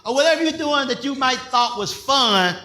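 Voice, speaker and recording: An older man, a pastor, preaching in a conversational style with call-and-response questions, rising at times to shouts. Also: very high voice, expressive, normal speed, reverberant. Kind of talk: sermon.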